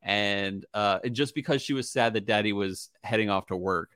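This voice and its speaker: A man in his thirties co-hosting a podcast in casual chat, agreeable and quick to affirm his partner. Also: lowish voice, fairly bright tone, clean tone, dry recording, studio quality. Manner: agreeable, frequent listener affirmations. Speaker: podcast co-host.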